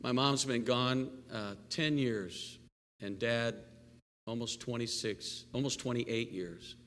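A male pastor giving a live sermon, animated and playful, with jokey asides and call-and-response with the congregation. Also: medium pitch, slow pace. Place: church sanctuary. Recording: long reverb of a church hall.

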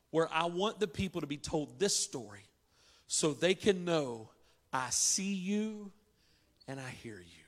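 A male preacher delivers a sermon in a relaxed, storytelling manner. His voice sits a little higher than most men's and rings with long reverb from a large hall. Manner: storytelling, conversational with southern "y'all".

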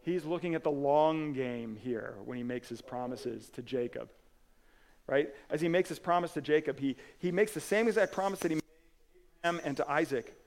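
A man's voice: fairly high pitch, moderate pace, creaky. A man preaching a sermon as pastor, earnest and conversational, with casual asides and restarts. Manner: earnest, swings from emphatic to soft and quiet.

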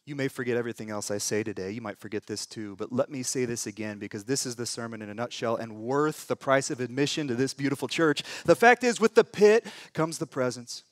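A man preaching a sermon in a church, telling a scripture story with humorous asides and big swings between loud and hushed delivery. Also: fairly even intonation, fast talker, hardly any pauses, no echo, studio quality. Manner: dramatic storytelling with wide swings in pitch and volume. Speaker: pastor.

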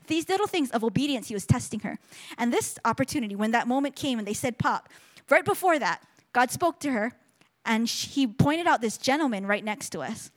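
A woman's voice: fairly high pitch, animated, quick pace. A woman telling a testimony at a church service, earnest and storytelling, often restarting her sentences. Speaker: speaker sharing a testimony. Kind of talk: sermon testimony.

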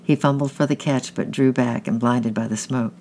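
A man's voice: mid-range voice, fairly even intonation, moderate pace, darkish tone, slight background noise. A man reading a children's novel aloud in a plain way, often slipping and restarting words. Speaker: audiobook reader.

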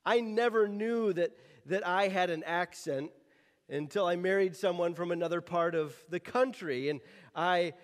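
High-voiced preacher man in a reverberant hall. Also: moderate pace. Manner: drops the g at word ends; repeats words while finding his phrasing. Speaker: pastor. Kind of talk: sermon.

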